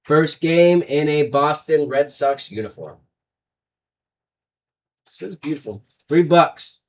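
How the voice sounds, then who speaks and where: A man's voice: a little high, animated, takes it slowly, distant mic. Hyped man hosting a betting show. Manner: hyped, rambling, jokey. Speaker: sports betting show host. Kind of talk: casual betting picks talk.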